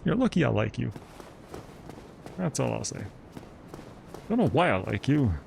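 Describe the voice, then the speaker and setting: A man's voice: medium pitch, very animated, a little slow, vocal fry, darkish tone, a little hiss or hum. A man giving live gameplay commentary in a sardonic, profane, chatty way. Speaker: streamer. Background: game music.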